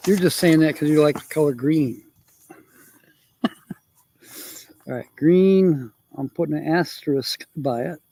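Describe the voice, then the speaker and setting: Male livestream host, slow unhurried delivery, slightly high voice, dry close sound, rambling chat with chuckles. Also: gravelly, dark tone, dry recording. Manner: rambling, chuckling often, thinking aloud. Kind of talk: casual livestream chat reading viewer comments.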